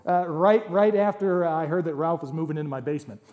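A man's voice: on the high side, fairly quick, a little mellow. A man preaching a sermon to his congregation in a conversational, humorous way, with jokes and asides. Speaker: pastor. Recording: long hall reverb.

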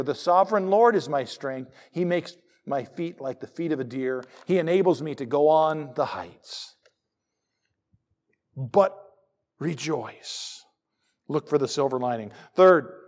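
A middle-aged male pastor preaching in church, with a voice pitched a bit high for a man. He is lively and jokey, and he reads scripture aloud between asides. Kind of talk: sermon.

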